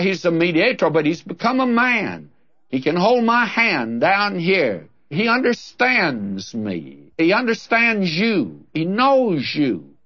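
A man's voice: high voice, fairly bright tone, muffled recording. A man teaching through a Bible passage in an earnest, conversational preaching manner, speaking straight to the listener.

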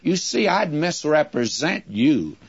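A man preaching a sermon-style Bible lesson, measured and explanatory, calling his listeners friends. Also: fairly high pitch, very animated, creaky, husky. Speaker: Bible teacher. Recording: dull lo-fi recording.

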